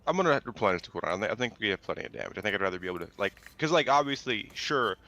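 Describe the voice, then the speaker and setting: A man's voice: lowish voice, very animated, rapid-fire, pushed and bright. A young man playing a co-op game with friends, chatting casually and rambling about his build. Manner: rambling, self-deprecating. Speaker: co-op player. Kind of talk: casual gaming chat.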